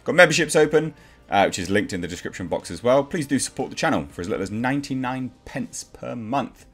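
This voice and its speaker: A man's voice: mid-range voice, animated, fast. A man giving a casual, blunt movie review in a ranting way, with faint music behind him.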